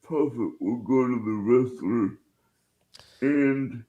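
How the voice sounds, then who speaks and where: A man in a casual chat, hesitant, pausing with many fillers. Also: medium pitch, warm tone, highs cut off.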